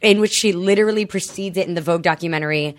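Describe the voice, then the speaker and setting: A woman's voice: fairly low pitch, very fast. A woman guesting on a podcast, chatting casually with dry, wry humor. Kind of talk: casual chat.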